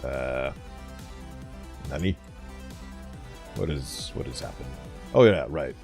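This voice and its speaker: Over music, a man with a rumbling low, expressive voice streams live at a slow pace. He's playful, greets chat, and laughs often as he reads stories to his viewers in casual conversation.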